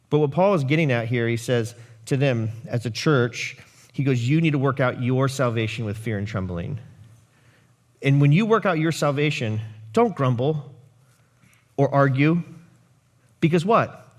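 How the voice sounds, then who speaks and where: Male pastor, fairly high voice, lively sermon delivery with playful acted-out quotes. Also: normal speed. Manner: animated, jokey asides and voiced quotes.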